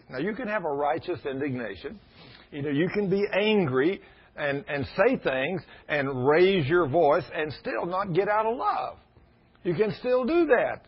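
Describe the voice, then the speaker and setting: A middle-aged man preaching a sermon in a folksy storytelling way, now and then rising to loud emphasis. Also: fairly high pitch, expressive, normal speed, husky. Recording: muffled lo-fi sound.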